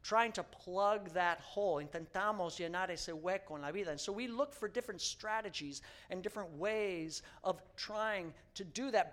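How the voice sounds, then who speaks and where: A man's voice: sits high, a bit bright. A male pastor preaching a sermon, telling a story and repeating each point in a second language. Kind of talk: bilingual sermon.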